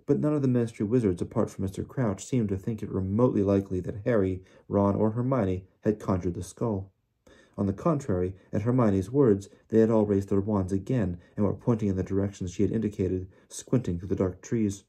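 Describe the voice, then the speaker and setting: A man narrating an audiobook in a measured, deliberate reading. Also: deep voice, steady tone, warm tone, slightly rough. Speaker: audiobook reader.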